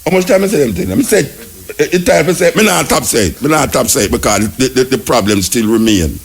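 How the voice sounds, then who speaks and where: A Jamaican man from Jamaica, hosting talk radio with animated, ranting commentary. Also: medium pitch, quick pace, vocal fry, breathy edge, faint music behind.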